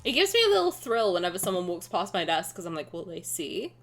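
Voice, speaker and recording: A young woman streamer chatting casually with her viewers, playful and rambling, with sudden loud bursts. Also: medium pitch, big pitch swings, quick pace, faint music behind. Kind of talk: casual chat with live chat.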